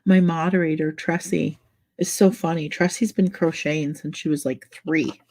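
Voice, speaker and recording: A woman's voice: sits low, fairly even intonation, normal speed, a little mellow. A woman hosting a casual craft livestream, chatting in a rambling way and laughing often. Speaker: livestream host.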